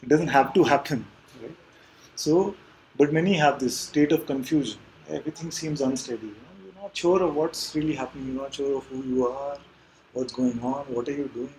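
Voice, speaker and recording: A man teaching at a live spiritual gathering, answering questions gently and patiently, often checking in with little tag questions. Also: medium pitch, fairly quick, slight background noise, rough recording.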